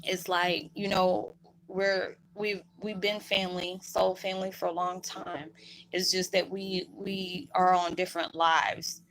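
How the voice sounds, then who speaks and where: A woman's voice: lowish voice, little pitch movement, unhurried, a bit bright, low-quality recording. A woman vlogger talking to her viewers in a rambling, heartfelt way, emotional and holding back tears. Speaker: spiritual vlogger. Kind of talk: heartfelt casual monologue to viewers.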